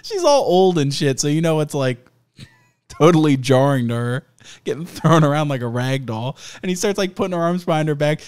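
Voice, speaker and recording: A man hosting a podcast, telling a story in casual, profane chat, laughing often and acting out the people he quotes. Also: on the high side. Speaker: podcast host.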